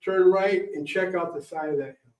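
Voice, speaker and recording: A man's voice: high-pitched, normal speed, darkish tone, close to an everyday voice. A man voicing his blunt, secretive grandfather of ninety, who gives orders sharply. The recording is dull and echoey, taken from a distant mic. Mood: commanding. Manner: commanding, blunt. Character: gruff secretive ninety-year-old grandfather.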